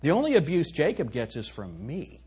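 A man preaching a sermon as pastor, swinging between soft reflection and loud, emphatic exhortation. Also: fairly high pitch, wildly swooping pitch, moderate pace, a little hiss or hum.

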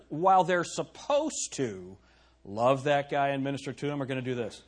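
Husky-voiced, lively male preacher. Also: fairly high pitch, brisk. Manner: emphatic, asks the congregation questions; reads scripture in old-fashioned wording. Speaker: pastor. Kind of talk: sermon.

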